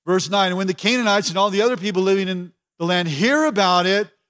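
A man preaching a sermon as pastor, emphatic and expressive, acting out anguished prayers with repeated words. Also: high-pitched, fast. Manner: expressive preaching, voicing pleading prayers to God.

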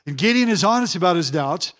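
A man's voice: high voice, animated, fast, fairly bright tone. A man pastor preaching a sermon in a church, repeating key phrases for emphasis and acting out the voices he quotes.

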